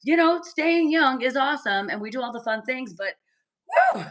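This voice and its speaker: A chatty woman in her fifties co-hosts a relaxed talk show and exclaims freely. Her voice sits a little high and sounds bright. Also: normal speed. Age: 50s. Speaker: podcast co-host. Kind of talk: casual chat.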